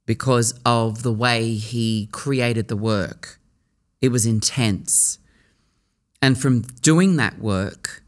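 A middle-aged man who works as a stage actor, looking back over his career in an unhurried interview. He muses aloud, restarts his sentences and pauses to find the right words. His voice sits in the middle of the male range. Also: mid-range voice. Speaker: theatre actor. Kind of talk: reflective interview storytelling.

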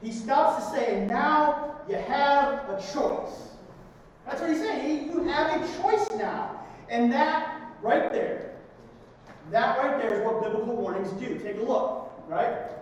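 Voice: medium pitch, lively intonation, unhurried, a little mellow. A pastor preaches in an easy, conversational way and checks in with the congregation by asking "right?" after each point. The voice sounds distant and washes around a large, reverberant hall. A faint hiss sits under the poor recording. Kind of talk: conversational sermon. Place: church sanctuary.

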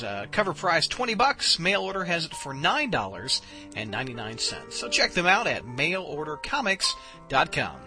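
A man hosting a casual podcast, chatting in lively bursts with frequent filler uhs. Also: a little high. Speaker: podcast host.

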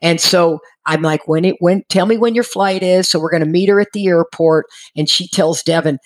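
A middle-aged woman telling a personal recovery story, animated and acting out the people she quotes. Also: on the low side, moderate pace. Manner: animated, acts out quoted voices, frequent restarts. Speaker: speaker sharing a recovery story.

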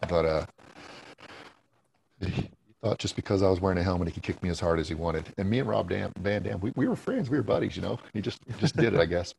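A former wrestler telling rambling stories in a casual interview, laughing often and swearing freely. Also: male voice, deep voice, fast talker, creaky, darkish tone, slightly rough, low-quality recording.

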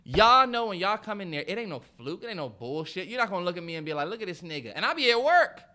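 A man co-hosting a podcast in casual chat, ranting in an animated and profane way. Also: sits high, fast. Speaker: podcast co-host.

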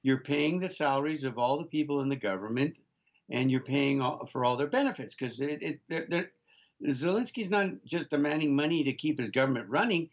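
A man's voice: on the high side, lively intonation, brisk, lo-fi sound. An older man co-hosting a talk radio show, making emphatic political points to listeners and stumbling through frequent restarts. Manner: emphatic, restarts often, addresses listeners as folks. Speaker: radio co-host. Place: remote location, off-site from studio.

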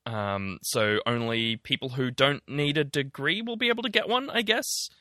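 A man co-hosts a podcast, mid-pitched and very bright in tone. He talks through the news casually, with hesitant ums and a dry sarcastic edge. The recording is dry and close. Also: moderate pace, no room sound. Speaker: podcast co-host.

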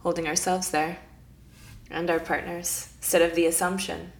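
A woman's voice: fairly low pitch, flat delivery, moderate pace, creaky. A woman guest who leads spiritual circles, telling stories in an emotional, earnest way in a casual podcast talk.

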